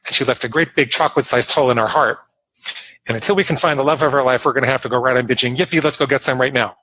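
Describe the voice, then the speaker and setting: A man's voice: medium pitch, racing, bright, forceful tone, low-quality recording. A man voicing a gleeful, scheming male inner pig that eggs him on to binge. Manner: wheedling, cheerful egging-on.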